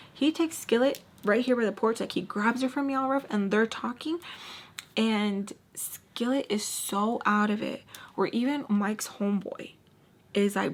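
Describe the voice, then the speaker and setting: A young adult woman telling a story to camera in a slangy, animated way, full of fillers and quick asides. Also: on the high side. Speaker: storytime vlogger. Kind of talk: casual storytime chat.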